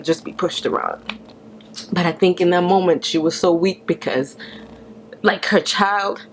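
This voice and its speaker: A woman retelling a painful experience, halting and restarting, with whispered quotes. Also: medium pitch, slight background noise. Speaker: vlogger. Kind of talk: emotional personal story.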